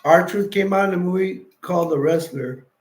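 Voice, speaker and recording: A man's voice: high voice, moderate pace. A tired man hosting a late-night livestream, rambling casually and reading chat messages and wiki text aloud. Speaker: livestream host.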